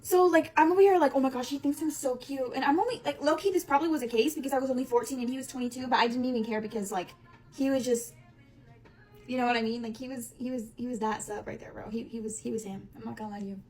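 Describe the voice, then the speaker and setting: A woman's voice: fairly high pitch, fast, a little mellow. A young woman telling a casual storytime, rambling with lots of fillers and casual swearing. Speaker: storytime creator.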